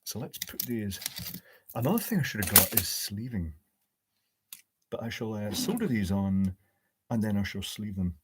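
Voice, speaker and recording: Low-voiced man thinking aloud at a workbench. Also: animated, normal speed, pauses often, slight background noise. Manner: thinks aloud, dry joking asides. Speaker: electronics hobbyist host. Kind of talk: live-streamed workbench build, answering chat. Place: home electronics workbench.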